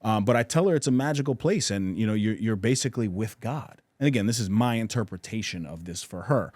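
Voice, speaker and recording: A man's voice: fairly low pitch, expressive, fairly quick, a little mellow, no room sound. A man in casual podcast conversation, talking in an earnest, reflective way with frequent restarts and self-corrections.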